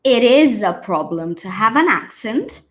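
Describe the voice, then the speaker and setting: A woman with a Brazilian accent teaching English in a casual live online lesson, chatty and animated as she retells a story. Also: fairly high pitch, measured pace. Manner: chatty and animated, retells scenes with acted quotes.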